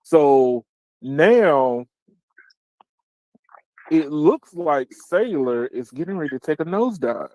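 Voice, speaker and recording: A man with a slightly high voice hosts a loose tech chat, excitable and full of slang. The sound is close and dry, with no room around him. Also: slow, long pauses, no room sound, low-quality recording. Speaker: host.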